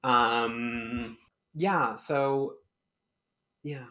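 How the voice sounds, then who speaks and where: A man co-hosting a film podcast, recapping and reviewing the movie in a relaxed, dry, casual way. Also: medium pitch, very slow. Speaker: podcast co-host.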